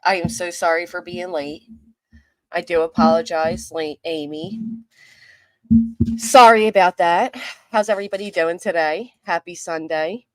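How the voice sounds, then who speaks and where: A woman's voice: lowish voice, steady tone, unhurried, long pauses, no room sound, studio quality, soft background music. A woman hosting a casual livestream, greeting viewers by name in a chatty way, her voice a little worn. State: losing her voice. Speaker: livestream host.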